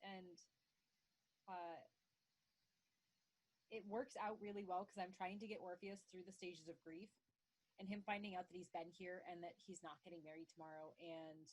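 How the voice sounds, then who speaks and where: A woman playing a tabletop game who talks casually and haltingly about her character between scenes. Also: fairly low pitch, steady tone. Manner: casual and halting, with filler words. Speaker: player.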